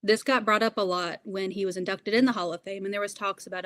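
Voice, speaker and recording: A woman's voice: medium pitch, steady tone, quick pace, a bit bright. Earnest young woman answering interview questions. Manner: earnest, reflective, with fillers. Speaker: interview guest.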